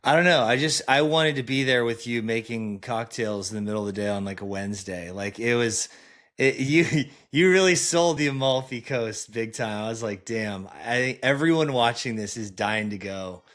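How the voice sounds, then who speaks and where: A male podcast host with an ordinary mid-range voice. He asks friendly, rambling questions in a relaxed interview. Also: mid-range voice, normal speed.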